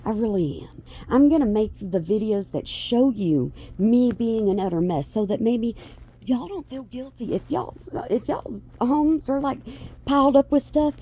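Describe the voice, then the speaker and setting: A woman's voice: a little high, animated, unhurried, warm tone, husky. A middle-aged woman, rambling through a casual vlog with many restarts and self-deprecating asides. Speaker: vlogger.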